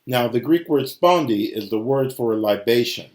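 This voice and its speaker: A man's voice: mid-range voice, expressive, moderate pace. A man teaching ancient Greek prosody in a recorded lesson, sounding out syllables and rhythms aloud.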